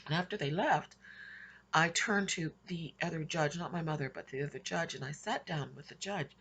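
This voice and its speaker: A woman's voice: deep voice, moderate pace, vocal fry, a bit bright, slightly rough. A woman casually recounting her dreams in a rambling way, with frequent restarts and little laughs. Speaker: Christian vlogger recounting dreams. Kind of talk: casual spoken storytelling.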